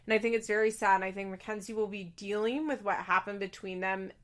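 A woman's voice: mid-range voice, steady tone, fast talker. A young woman giving a casual, opinionated recap of a reality show, blunt and exasperated, swearing freely.

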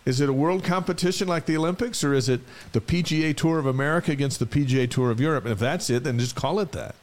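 Man, co-host, relaxed, reads dates and notes, casual sports chat. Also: a little high, fast.

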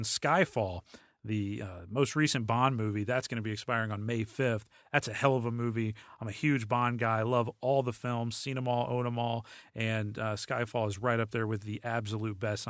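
A man hosts a podcast alone in a loose, rambling way, full of fillers and restarts. His voice sits at an ordinary middle pitch. The recording is dry and close, with almost no room sound. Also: fairly even intonation, moderate pace, a bit bright, dry recording. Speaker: podcast host. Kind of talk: casual solo podcast talk.

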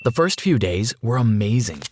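A man telling a first-person story aloud, his voice lively and moving widely in pitch. The delivery is expressive and mid-pitched, plainly a storytelling narration. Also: normal speed, background noise.

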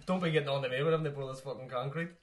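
A man co-hosting a podcast, bantering quickly about films, swearing and laughing often. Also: mid-range voice, a crowd in the background. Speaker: podcast co-host. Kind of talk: casual film chat.

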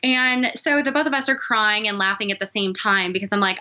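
Bright-voiced woman telling a personal story. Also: medium pitch, brisk, highs cut off. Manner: earnest, emotional, confiding. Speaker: podcast guest.

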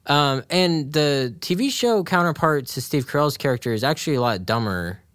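A man's voice: fairly high pitch, animated, moderate pace, a bit bright, no room sound, studio quality. A man co-hosting a podcast, chatty and joking, easily amused. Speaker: podcast co-host. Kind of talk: casual chat.

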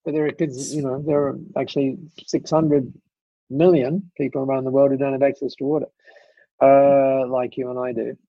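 Husky-voiced man telling a lively story. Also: mid-range voice, normal speed, no room sound, muffled recording. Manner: animated storyteller, many restarts and asides. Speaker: guest speaker. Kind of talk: telling an anecdote in conversation.

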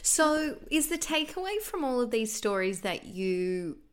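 A woman's voice: on the high side, very animated, unhurried, smooth. A woman hosting a casual podcast chat, teasing her co-host and asking questions playfully.

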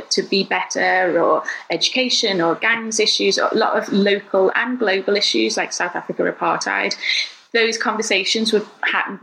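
A woman from Liverpool with a softened Scouse accent, a podcast guest chatting warmly and laughing easily, speaking from a flat by a busy road. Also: medium pitch, a little hiss or hum, rough recording. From Liverpool, England. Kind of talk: casual interview chat.

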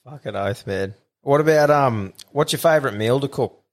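A man's voice: medium pitch, moderate pace. Sweary Australian male podcast host. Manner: blokey, sweary storytelling. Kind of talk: casual chat.

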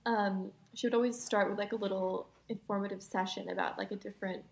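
A woman in her twenties co-hosting a podcast, chatting excitably with quick exclamations. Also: medium pitch, creaky. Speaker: podcast co-host. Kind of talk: casual chat.

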